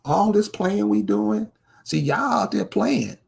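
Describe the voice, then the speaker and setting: Gravelly, slow-talking man ranting. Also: sits high, animated. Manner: confrontational, fires rhetorical questions at the viewer. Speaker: online commentator. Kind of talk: ranting commentary to camera.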